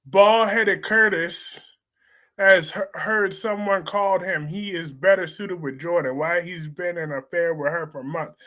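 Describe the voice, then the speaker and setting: A man hosting a live stream, reading viewer comments and reacting in a sassy, blunt, animated way. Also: a little high. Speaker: host of a live soap opera discussion stream.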